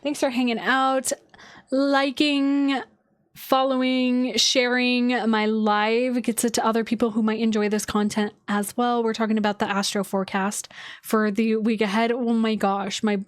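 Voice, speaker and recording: A woman's voice: fairly high pitch, little pitch movement, moderate pace, no echo, clean studio sound. A woman astrologer chatting casually on a livestream from home, loose and filler-heavy, with casual swearing.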